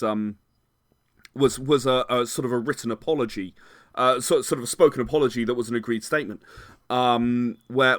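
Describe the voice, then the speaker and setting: A man's voice: medium pitch, fairly bright tone, no echo. Rambling man with a dry close sound. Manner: rambling, hedges with many "sort of"s and restarts. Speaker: game designer guest. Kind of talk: casual podcast chat.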